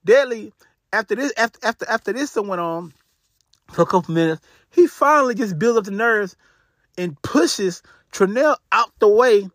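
A man's voice: high voice, lively intonation, moderate pace, fairly bright tone, dry recording, studio quality. A man telling a true crime story in a casual, slangy way full of fillers.

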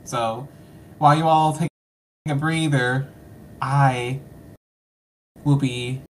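A woman with a strikingly low voice hosts a podcast. She rambles playfully through her sign-off, leaning on fillers. A faint hiss sits under the recording. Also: steady tone, slow. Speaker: podcast host. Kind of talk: casual sign-off chat.

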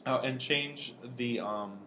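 A man's voice: medium pitch, slow, sharp tone, slight background noise. A young man co-hosting a podcast in casual chat, laughing a lot as he tells anecdotes. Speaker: podcast co-host.

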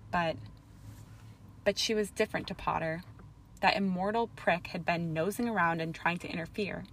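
A woman narrates a story aloud at a steady pace. Her voice sits slightly low for a woman, and her delivery stays calm and even throughout. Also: slight background noise. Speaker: reader. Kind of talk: audiobook narration of fan fiction.

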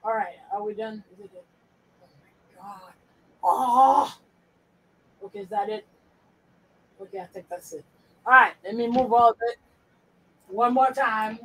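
A woman's voice: on the high side, unhurried, pauses often, slightly rough, rough recording. A woman co-hosting a podcast in casual chat, blunt and profane, muttering to herself as she sorts files. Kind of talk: casual chat while sorting files on screen.

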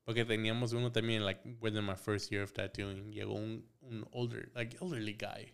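Animated young man telling a story. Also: lowish voice, quick pace, vocal fry. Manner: animated, acts out dialogue, swears, mixes in Spanish phrases. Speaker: podcast guest, tattoo artist. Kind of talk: casual storytelling.

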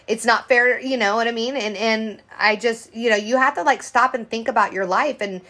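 A woman's voice: on the high side, moderate pace, sharp tone. Frank, profane woman chatting on a podcast. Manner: frank, profane, rambling with many restarts. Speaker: podcast co-host. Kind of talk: candid casual chat.

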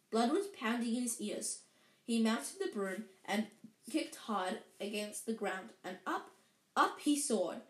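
A woman reading a children's story aloud in a lively way, with frequent slips and restarts. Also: fairly high pitch, a little slow. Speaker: reader. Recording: roomy echo.

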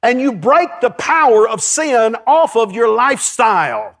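A male pastor, preaching a lively sermon in a church and calling out to his congregation. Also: extremely high pitch, a little slow. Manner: lively, storytelling, calls to the congregation.

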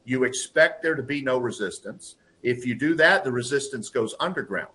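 A man in a conversational interview, telling workplace stories and acting out quotes in lively voices. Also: medium pitch, normal speed. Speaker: guest, lean process consultant and trainer.

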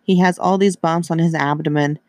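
A man's voice: fairly high pitch, steady tone, a little fast, a little mellow, no echo, lightly acted. A man voicing an anxious, fussy middle-aged woman who dotes on her cat, gushing and pleading.

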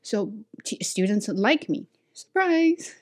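A woman's voice: fairly low pitch, unhurried, a little mellow. A woman from China with a Chinese accent, talking candidly and energetically on her own podcast, laughing now and then. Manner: candid, outspoken, laughs while telling stories. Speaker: podcast host, ESL teacher. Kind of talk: casual monologue podcast.

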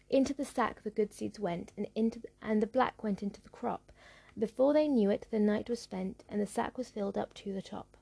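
A woman narrating a folktale in a measured, rhythmic storybook reading. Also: mid-range voice, gravelly, dark tone, breathy edge.

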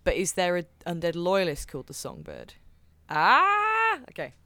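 A player in a tabletop game, excitable and quick to laugh. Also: medium pitch, dry recording.

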